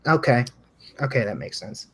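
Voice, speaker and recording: A man's voice: mid-range voice, very animated, normal speed, husky. A man co-hosting a podcast, eager and tripping over his words in casual chat. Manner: eager, stumbling restarts. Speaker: podcast co-host.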